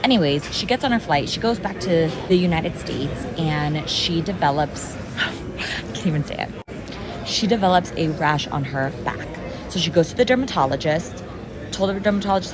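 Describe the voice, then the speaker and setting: A woman's voice: fairly low pitch, lively intonation, normal speed. A young woman in her twenties retelling a story in a breathless, gossipy vlog style. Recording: busy crowd noise behind.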